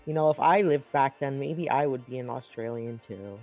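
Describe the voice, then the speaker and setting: A man's voice: mid-range voice, normal speed, darkish tone, highs cut off. A man co-commentating an esports stream, rambling and joking, over background music. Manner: rambling, jokey, riffing.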